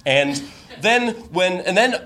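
A man's voice: sits high, expressive, takes it slowly, pushed and bright. A man telling a comic personal story, rambling with many fillers and self-interruptions, and adding wry, incredulous asides.

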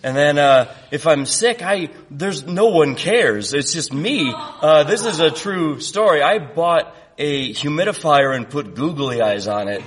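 A man's voice: on the high side, animated, unhurried, few pauses, noisy background. A man telling a personal story live, hesitant and dry, filling gaps with "uh" and poking fun at himself. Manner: hesitant, dry and self-deprecating, many uhs.

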